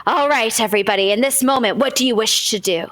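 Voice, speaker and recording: A woman's voice: on the high side, quick pace, a bit bright, dry recording. A woman playing a gloating circus ringmaster villain. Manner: theatrical, gloating.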